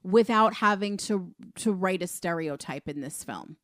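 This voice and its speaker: A woman's voice: on the low side, animated, unhurried, a bit bright, no room sound, studio quality. A woman co-hosting a podcast in casual film review chat, emphatic and exasperated, speeding up when heated. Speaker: podcast co-host.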